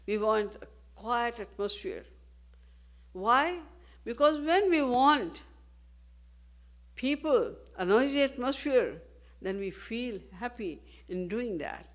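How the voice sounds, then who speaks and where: Slow, measured woman giving a devotional talk. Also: on the high side, expressive. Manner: measured, with rhetorical questions. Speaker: spiritual teacher. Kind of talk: devotional discourse.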